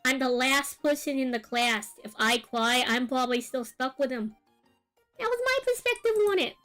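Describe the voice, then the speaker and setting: A young woman who streams her art chats casually while drawing, rambling through a long personal story full of fillers and asides. Her voice is high and a little bright, with lively intonation and a normal pace. Faint music plays in the background.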